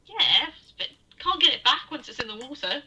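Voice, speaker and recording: Very bright-voiced woman player. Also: high voice, very animated, normal speed, muffled recording. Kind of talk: casual tabletop play.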